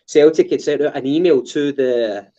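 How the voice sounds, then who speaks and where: A man's voice: fairly high pitch, moderate pace, dark tone, lo-fi sound. A Scottish man co-hosting a casual football podcast, hesitant with many fillers and restarts. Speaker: podcast co-host.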